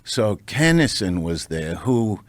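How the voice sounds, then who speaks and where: A man's voice: lowish voice, slow, no room sound. Cocky comic guy swearing his way thru an old showbiz story, dry close mic. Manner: profane, animated, building to punchlines. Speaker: podcast guest, stand-up comedian. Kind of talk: brash anecdotal storytelling. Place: podcast studio.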